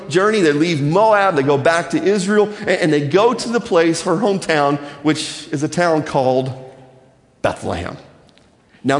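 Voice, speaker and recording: A man preaching a sermon as a pastor, animated and dropping his voice low for emphasis. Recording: echoey hall with long reverb.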